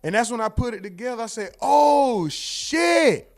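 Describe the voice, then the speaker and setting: A man hosting a livestream in casual chat, telling jokes and acting out exchanges with sudden loud outbursts, speaking. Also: high-pitched, very fast, faint music behind. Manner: animated joking storyteller, acts out exchanges with loud outbursts. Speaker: livestream host.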